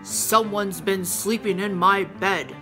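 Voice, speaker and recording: A woman voicing a gruff, suspicious father bear in a children's storybook reading, slow and low. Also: steady tone, over music, lightly acted.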